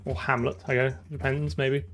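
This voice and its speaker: A man's voice: mid-range voice, flat delivery, normal speed, fairly bright tone. A man with a southern English accent chatting casually as he codes on a live stream, thinking aloud and laughing now and then. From southern England. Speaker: programming streamer. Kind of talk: casual live-coding chat.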